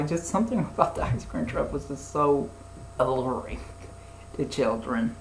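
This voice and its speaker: A man's voice: medium pitch, measured pace, creaky, a little hiss or hum. Rambling young man in an echoey room. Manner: rambling, swears, many fillers and restarts. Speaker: podcast co-host. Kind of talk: casual chat.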